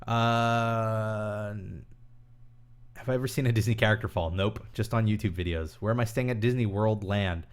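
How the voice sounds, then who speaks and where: A young man hosting a casual live stream, reading viewer questions aloud and answering in a rambling, chatty way with many pauses and fillers. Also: fairly low pitch, clear, resonant tone.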